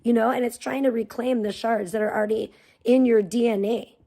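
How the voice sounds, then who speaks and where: A woman's voice: on the high side, fairly even intonation, fairly quick, mellow. A woman hosting a livestream, delivering a profane, mocking rant of commentary. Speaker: livestream host.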